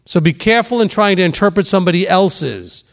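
A man's voice: high-pitched, animated, a little fast, vocal fry. A middle-aged male pastor giving a sermon, emphatic and repetitive, now and then mimicking gossiping people. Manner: emphatic, repeats for stress, acts out gossiping voices.

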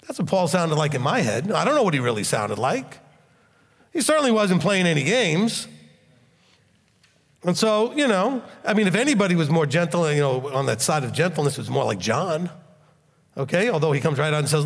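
A man preaching a sermon in a blunt, animated way and leading a closing prayer. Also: on the high side, normal speed, pauses often, breathy edge, long reverb tail. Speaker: pastor.

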